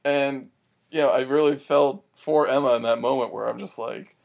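A man with a gravelly voice chats on a podcast, mid-pitched and unhurried. He talks hesitantly, with many fillers and restarts. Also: steady tone. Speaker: podcast co-host. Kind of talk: casual chat.

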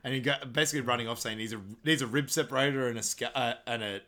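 A man with a bright, forceful voice chats through a movie's scenes for a podcast. He keeps breaking into loud, high-pitched impressions of the characters and laughs along the way. His pitch sits in the middle of the usual male range. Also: fairly even intonation, racing. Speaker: podcast co-host. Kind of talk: casual movie recap chat.

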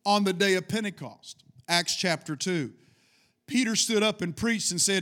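High voiced middle aged guy preaching, fired up, asks the church for amens. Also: moderate pace, a bit bright. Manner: fervent preaching with call-and-response. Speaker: pastor. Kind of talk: sermon.

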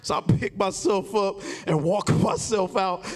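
A man in his forties preaching a sermon, telling a personal story with animated, shouted quoted lines. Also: high-pitched, measured pace, long reverb tail. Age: 40s. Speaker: pastor.

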